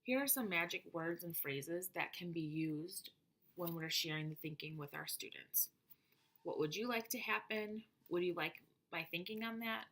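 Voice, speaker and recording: A woman's voice: lowish voice, normal speed, fairly bright tone. Woman reading a teaching presentation.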